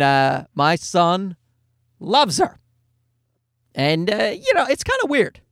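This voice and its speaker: A man's voice: high voice, a bit bright, no room sound, clean studio sound. A man of forty telling rambling, wry comic stories in a casual monologue, with some swearing. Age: 40s. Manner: rambling, wry storytelling with profanity.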